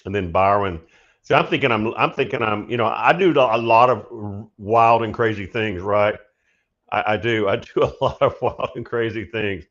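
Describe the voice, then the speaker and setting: A man hosting a prophetic teaching show, telling a story in a casual, animated way and laughing often. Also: lowish voice, moderate pace, lo-fi sound. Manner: animated, laughs often, shouts when acting out his story. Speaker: prophetic minister and show host.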